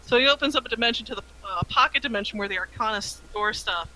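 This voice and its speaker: A man's voice: sits high, fast talker, bright, forceful tone, rough recording. A young man running a tabletop game, recapping past sessions in a slangy, irreverent, swearing manner. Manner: slangy, irreverent, swears, jokey voices in passing. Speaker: game master.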